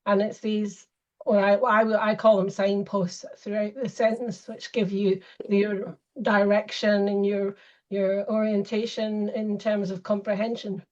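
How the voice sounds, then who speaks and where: A woman's voice: mid-range voice, little pitch movement, measured pace. Thoughtful woman on dull call audio. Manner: thoughtful, hesitant with "um" as she gathers thoughts. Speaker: student. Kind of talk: online class discussion.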